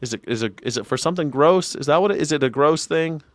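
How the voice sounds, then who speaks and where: Young guy ranting live on his news stream, swears a lot, mocks the clips, smooth clear voice, dry close mic. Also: a little high, animated, quick pace, no echo. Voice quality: loud, mocking, swears freely, mimics voices. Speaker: news and culture commentator, livestream host. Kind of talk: profane live commentary reacting to clips.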